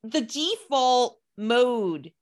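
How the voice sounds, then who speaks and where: Woman podcast co-host, slightly high voice, emphatic and opinionated. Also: big pitch swings, drawn-out words. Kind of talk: casual chat.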